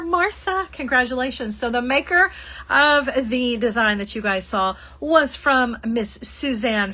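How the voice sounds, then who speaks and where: Bright, chatty Southern woman host. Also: a little high. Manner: chatty, laughs often, reads out viewer comments. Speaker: livestream host. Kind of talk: casual livestream chat.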